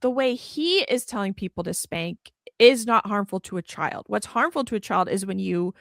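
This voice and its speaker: A woman's voice: mid-range voice, normal speed, creaky, no room sound, studio quality. A woman guest on a podcast, talking in an impassioned, emphatic and indignant way. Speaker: guest author. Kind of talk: podcast conversation.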